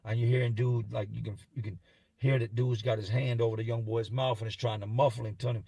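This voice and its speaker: A man telling a first-person story in a somber, halting way, as if haunted. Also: medium pitch, steady tone, creaky, a little mellow, slightly rough, dry recording.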